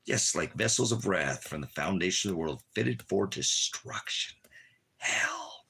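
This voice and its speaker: A fervent man preaching an informal sermon, his voice low and gravelly with a husky rasp. His tone is sharp and bright, and he swings between quiet asides and shouted warnings. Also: expressive, moderate pace.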